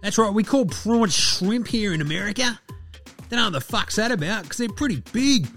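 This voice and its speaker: A man's voice: expressive, normal speed, a bit bright, faint music behind. A man putting on an overexcited, brash restaurant ad announcer who swears as he sells. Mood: hyped. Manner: hyped, brash, swearing pitchman.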